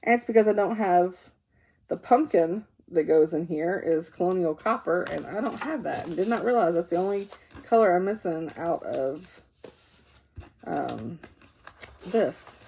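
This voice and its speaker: A woman's voice: lowish voice, lively intonation, measured pace, vocal fry, warm tone, slight background noise. A tired woman chatting casually as she shows her cross-stitch projects, rambling with fillers and correcting herself. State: tired and yawning. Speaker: cross-stitch vlogger showing works in progress. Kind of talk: casual show-and-tell chat.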